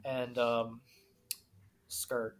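A woman's voice: very deep voice, level tone, extremely slow. A woman co-hosting a casual podcast, profane and jokey, reading news aloud between gags. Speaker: podcast co-host. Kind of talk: casual chat.

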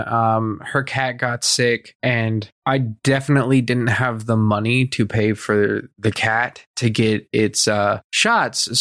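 A man's voice: mid-range voice, a bit bright, no echo, studio quality. A young man telling a long personal story in casual, blunt, profane talk, acting out both sides of quoted arguments. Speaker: podcast host.

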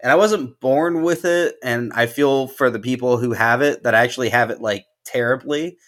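Um homem com uma leve gagueira, co-apresentador de podcast, falando de forma hesitante e cheia de recomeços em conversa casual. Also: male voice, medium pitch, fairly bright tone. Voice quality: slight stutter. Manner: halting, many restarts and "like"s. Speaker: podcast co-host. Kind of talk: casual chat.

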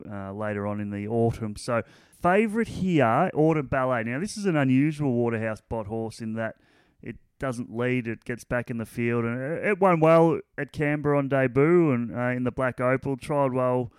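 A man analysing horse races in a relaxed, casual way, full of fillers. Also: mid-range voice, smooth, dry recording. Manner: relaxed, lots of fillers like "you know" and "um". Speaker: racing analyst.

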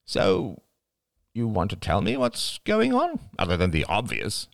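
A man's voice: fairly low pitch, wildly swooping pitch, a little slow, creaky, dry recording, full character voice. A man reading an audiobook, voicing a wary middle-aged woman who asks dry, probing questions. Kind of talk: audiobook character voice.

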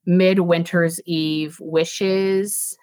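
A woman's voice: on the low side, flat delivery, drawn-out words, a little mellow, no room sound. A woman co-hosting a casual book podcast, chatting and reading passages aloud. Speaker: podcast co-host.

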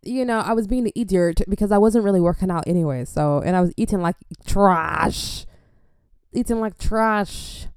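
A young woman from the United States telling self-mocking stories in a casual, animated way, acting out quotes. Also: mid-range voice, moderate pace, clean tone, no echo, studio quality. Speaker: vlogger. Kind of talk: casual storytelling.

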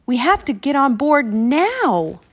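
Brief: helpful storybook bird, steady and reassuring, read aloud by a woman. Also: high voice, slow pace, pitched above the performer's own voice, exaggerated voice. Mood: calm. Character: loyal male bird sidekick, calm and helpful.

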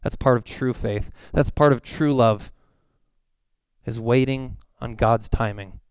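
Male pastor, sermon, smooth clear voice, dry close sound. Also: medium pitch, a little mellow, no room sound. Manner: conversational preaching, reads scripture slowly, acts out quotes.

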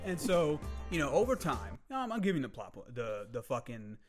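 Animated, expressive young man telling a story. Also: medium pitch, brisk, over music. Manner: animated storytelling, swears a lot, self-correcting. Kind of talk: casual chat, pitching a comedy movie idea.

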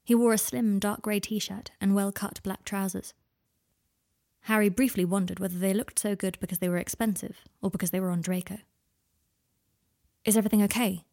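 A woman narrating fan fiction in a measured, intimate storytelling voice. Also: mid-range voice, flat delivery, gravelly, darkish tone.

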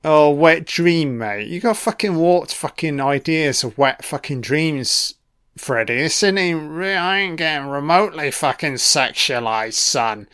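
Sweary film commentator. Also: male voice, a little high, animated, unhurried, fairly bright tone, clean tone. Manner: profane, sardonic running reactions. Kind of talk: casual audio commentary.

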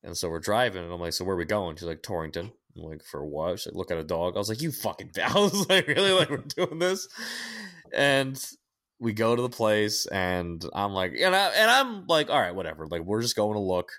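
A young adult man, co-hosting a podcast and telling a story in casual chat, profane and animated with many restarts. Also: sits low, brisk. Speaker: podcast co-host.

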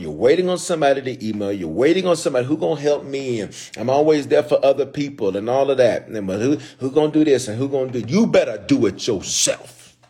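A man's voice: mid-range voice, a little mellow. A man who is a bishop and pastor delivers a sermon in a conversational, slangy way, repeating lines and calling out to the congregation. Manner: repetitive, call-and-response preaching.

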